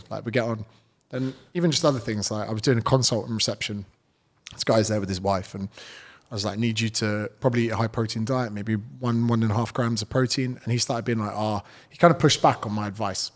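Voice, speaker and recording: A man, a fitness coach talking bluntly and swearing freely in a casual podcast chat. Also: on the low side.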